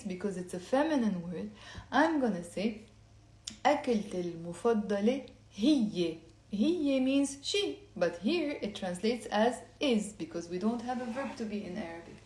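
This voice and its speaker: A woman giving a casual online language lesson, talking low-key and quiet late at night, explaining step by step and having listeners repeat words aloud. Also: expressive, moderate pace. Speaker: Lebanese Arabic teacher. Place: indoor room at night. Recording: echoey room.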